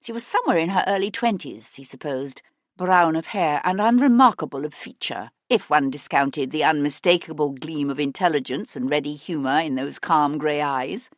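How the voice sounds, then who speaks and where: Female audiobook narrator; measured, even reading, slightly low, dry booth sound. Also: dry recording. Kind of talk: scripted narration.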